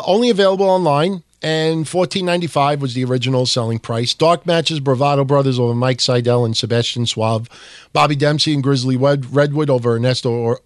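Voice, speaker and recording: A man with a voice on the high side hosts a casual wrestling history podcast, reading with mock enthusiasm and slipping into deadpan asides. The studio-quality audio has no echo.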